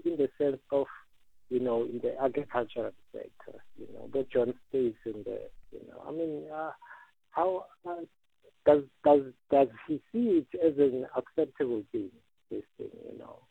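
A man calling in to a radio show, speaking earnestly with many halting restarts. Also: a little high, sing-song, creaky, slightly rough, no room sound. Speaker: caller. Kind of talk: phone-in call. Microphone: phone. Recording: tinny phone line.

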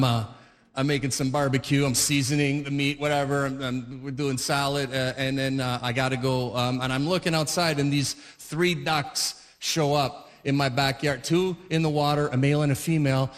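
A man's voice: fairly high pitch, fairly bright tone, in a large hall. A man in his forties telling a rambling stand-up story, full of fillers and restarts. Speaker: stand-up comedian. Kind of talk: stand-up comedy routine.

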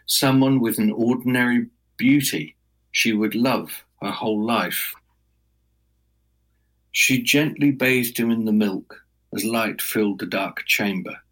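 A male storyteller telling a folk tale in a measured, dramatic way. He speaks slowly, letting each phrase land. His voice has a husky grain. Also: mid-range voice, a bit bright, rough recording. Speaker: storyteller guest.

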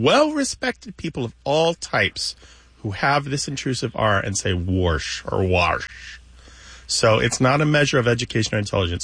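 A man's voice: mid-range voice, fairly bright tone, slightly rough, dry recording. A man co-hosting a radio show about language, explaining word lore in a patient, step-by-step way from a studio microphone. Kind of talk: casual explanatory radio chat.

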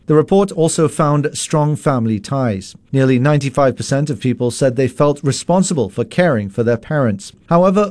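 A man reading a radio news bulletin in a measured, formal way. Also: mid-range voice, a little mellow, no room sound. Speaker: newsreader. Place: radio studio.

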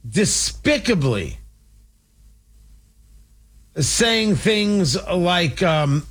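A man's voice: sits high, sing-song, slow pace, pauses often, a bit bright, husky. A man hosting an opinionated commentary show, talking in an indignant, emphatic and mocking way.

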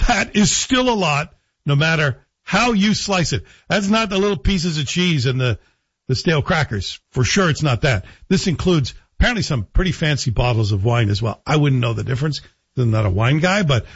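A man's voice: fairly high pitch, husky, no room sound, dull audio. A man giving a sardonic political commentary monologue, firing rhetorical questions at the listener. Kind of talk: opinionated monologue.

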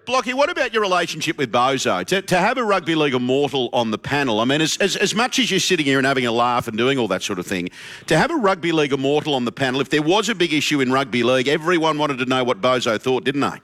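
An Australian man hosting a radio show at a quick clip. His pitch sits in the middle for a man. He keeps the chat upbeat and ribs his guests as he steers them. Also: sing-song, a bit bright. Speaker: radio host.

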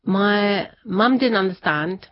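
A woman's voice: medium pitch, slow, no room sound. A woman guest in an interview, telling a personal family story in a chatty way and laughing often. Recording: slightly dull lo-fi sound.

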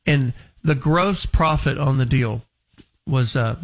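A man hosting a radio show, telling a story to a caller in quick, chatty talk. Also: medium pitch. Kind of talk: casual radio chat.

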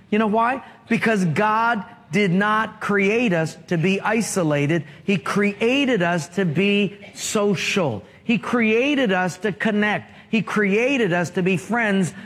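Male preacher, sermon, high-pitched voice, slow deliberate delivery, rhetorical questions, call-and-response. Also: a bit bright. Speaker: pastor. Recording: long reverb of a large hall.

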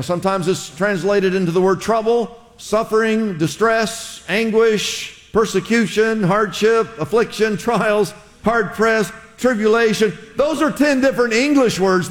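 A man preaching a sermon as pastor, conversational, asking the congregation to repeat words after him. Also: fairly high pitch. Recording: long hall reverb.

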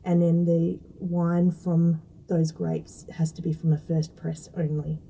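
A woman's voice: fairly low pitch, monotone, takes it slowly, creaky, mellow, far from the mic, a little hiss or hum, poor audio. A woman, chatting casually as a guest and explaining food science with lots of fillers. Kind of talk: casual interview talk.

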